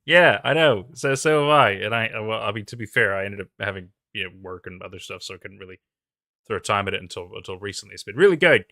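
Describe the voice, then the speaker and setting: A man hosting a livestream in casual chat on a headset, excitable and trailing off mid-sentence. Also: lowish voice, fast, no room sound, studio quality. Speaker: stream host.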